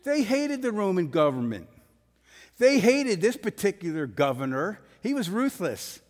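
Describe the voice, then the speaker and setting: Preacher guy, kinda high voice, blunt and punchy, long echo off the hall. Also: very animated, a little slow. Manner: blunt, emphatic, rising to forceful peaks. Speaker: pastor. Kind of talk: sermon.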